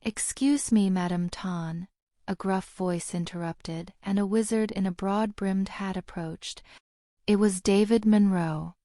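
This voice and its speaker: A woman narrating a fantasy audiobook in a steady, even storytelling read. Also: mid-range voice, measured pace, no echo, clean studio sound.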